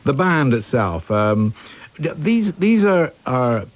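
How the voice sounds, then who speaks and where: A man's voice: mid-range voice, sing-song, slow, a little hiss or hum. A middle-aged man from Scotland hosting a radio interview, polite and a bit hesitant, often stumbling over words. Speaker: radio host.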